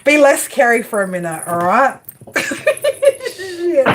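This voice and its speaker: Woman, tarot streamer, casual and crude, animated pitch, noisy home mic. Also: slow pace. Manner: casual, profane, laughs often, talks back to chat. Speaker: tarot reader. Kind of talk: live stream tarot reading, chatting with viewers.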